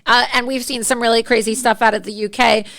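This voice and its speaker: A woman's voice: on the high side, fairly even intonation, vocal fry, a bit bright. A woman hosting a political talk show, outraged and incredulous as she talks with a guest. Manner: outraged, quick asides, laughs in disbelief. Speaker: host.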